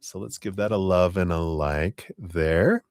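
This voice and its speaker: Deep-voiced man giving gentle tarot readings. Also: no echo, studio quality. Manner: gentle, unhurried spiritual guidance. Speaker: tarot reader. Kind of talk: live-streamed tarot reading.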